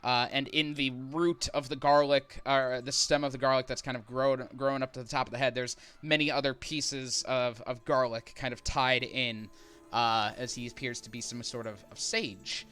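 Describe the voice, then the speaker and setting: A man's voice: medium pitch, steady tone, moderate pace, bright, forceful tone, smooth, soft background music. A man narrating a tabletop game as game master, describing scenes in a rambling, filler-heavy way.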